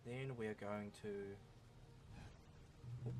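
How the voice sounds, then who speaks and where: A man's voice: lowish voice, unhurried, background noise. Joking man commentating a speedrun. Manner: joking, sarcastic asides. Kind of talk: casual gameplay commentary.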